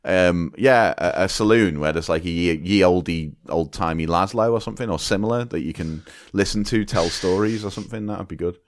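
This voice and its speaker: A man's voice: sits low, a little fast, hardly any pauses, no room sound, studio quality. A man co-hosting a podcast in casual chat, laughing often and joking, with filler-filled trailing sentences. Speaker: podcast co-host.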